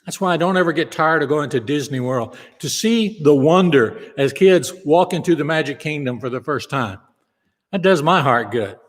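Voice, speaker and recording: A man's voice: on the high side, lively intonation, normal speed, long reverb tail. A male pastor preaching a sermon, telling stories and acting out the quotes he tells. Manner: storytelling, acts out quotes. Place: church sanctuary.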